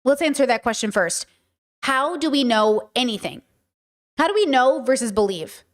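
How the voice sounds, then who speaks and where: A woman's voice: high voice, animated, moderate pace. A woman hosting a podcast, talking casually and frankly as she answers chat questions, checking in with listeners as she goes. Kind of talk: casual livestream talk.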